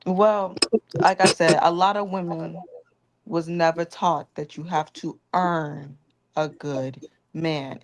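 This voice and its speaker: A woman co-hosting a live debate, explaining her view in a firm, steady, lecturing way. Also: low voice, slight background noise.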